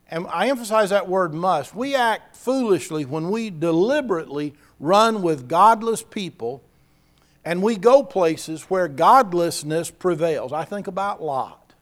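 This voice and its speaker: A man's voice: fairly high pitch, expressive, normal speed. A man preaching a sermon, earnest and repeating key phrases for emphasis.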